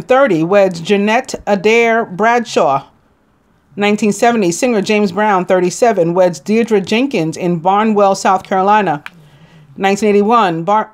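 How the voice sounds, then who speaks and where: A woman with a New York accent reading a daily list of history facts as a tarot reader, stumbling on names and adding casual asides. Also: mid-range voice. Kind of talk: reading daily almanac notes.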